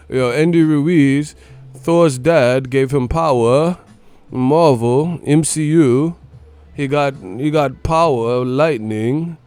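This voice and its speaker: A man hosting a live stream, giving casual boxing commentary in a profane, animated, mocking rant. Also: fairly high pitch, slow pace, clean tone, no room sound. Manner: profane, animated, mocking ranting with frequent laughs.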